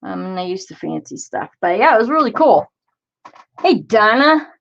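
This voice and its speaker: A woman's voice: mid-range voice, sing-song, normal speed, vocal fry, muffled recording. A woman in her forties hosting a crafting livestream, chatting in a rambling way and greeting viewers by name as she reads their comments. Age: 40s. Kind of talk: casual live-stream chat.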